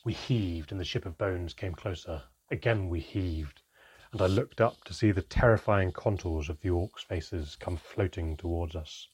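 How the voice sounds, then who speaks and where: A man tells a first-person adventure tale in a measured, reflective way. His voice sits low and comes out husky. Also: darkish tone. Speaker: narrator. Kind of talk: first-person story narration.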